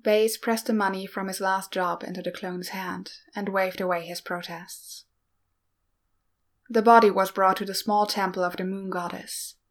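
A woman reading a story aloud in a calm, measured narration. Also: medium pitch. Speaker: reader. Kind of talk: fan fiction read aloud.

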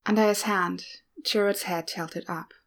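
A woman narrating a piece of fan fiction in a slow, even, subdued reading. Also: mid-range voice. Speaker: audiobook reader.

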